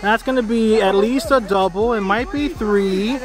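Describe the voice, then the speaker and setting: High-voiced man, out of breath, casual play-by-play, outdoor field. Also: moderate pace, a loud crowd. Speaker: teammate filming and calling plays.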